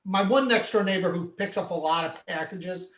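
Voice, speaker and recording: A man with a high voice hosts a relaxed chat, asking friendly, curious questions. His voice rings in a roomy, echoey space. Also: normal speed, a little hiss or hum. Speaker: interview host. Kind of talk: casual interview chat. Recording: roomy echo.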